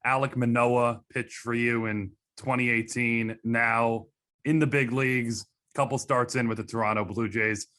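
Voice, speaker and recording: A man's voice: mid-range voice, fairly even intonation, measured pace, fairly bright tone. A man hosting a sports interview, asking polite, prepared questions. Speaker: interview host.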